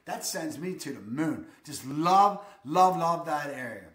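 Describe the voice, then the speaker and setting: A man's voice: a little high, expressive, measured pace, reverberant, very noisy. A man hosting a real estate vlog, enthusiastic and emphatic, leaning on the same catchphrases again and again. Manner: enthusiastic, emphatic, repeats "I'm telling you". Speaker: real estate video host.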